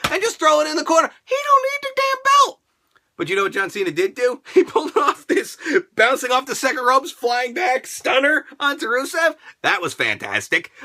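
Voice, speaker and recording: A man hosting a casual, profane wrestling review, ranting excitably and often shouting. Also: extremely high pitch. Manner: excitable, crude, shouting rants. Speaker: host.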